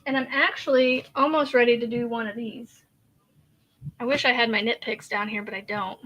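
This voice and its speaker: A woman's voice: fairly high pitch, fairly even intonation, normal speed, a bit bright, highs cut off. A woman from Kansas hosting a crochet live stream, chatting casually, laughing often and answering viewer comments as she works. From Kansas, USA. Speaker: crochet channel host.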